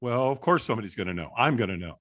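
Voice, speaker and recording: Lively, expressive middle-aged man telling stories. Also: fairly low pitch, very fast. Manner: animated storyteller, acts out quoted dialogue. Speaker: guest, firewalk instructor. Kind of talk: storytelling in a podcast interview.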